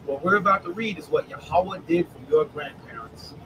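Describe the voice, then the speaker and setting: A man preaching in an online Bible study, reading scripture slowly and calling on listeners by name. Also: a little high, noisy background.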